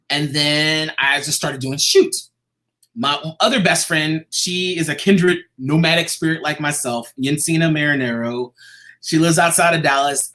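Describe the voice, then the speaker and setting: Guy chatting as an interview guest, animated storyteller, acts out what people said. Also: a little high. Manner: animated, acts out quoted voices.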